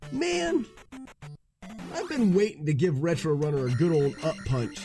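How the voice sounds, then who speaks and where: A man's voice: on the high side, huge pitch swings, measured pace, creaky, over music. A man streaming a game and commenting casually, rambling and self-mocking, often laughing and swearing. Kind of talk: casual live gameplay commentary.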